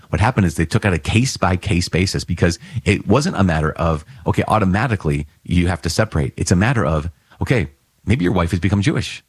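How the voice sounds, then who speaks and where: A man with a deep, slightly husky voice gives an earnest Bible reflection in a relaxed, conversational way. He explains the reading like a patient teacher and often checks that his listeners are following. The recording is close and dry, with no room sound. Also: no room sound. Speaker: priest.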